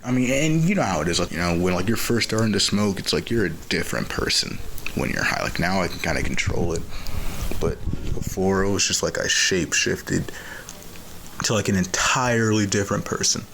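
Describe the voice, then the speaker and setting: A man's voice: sits low, expressive, a little fast, creaky, fairly bright tone, rough recording. A young man telling a casual story-time tale, rambling and profane with lots of fillers and restarts. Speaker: vlogger.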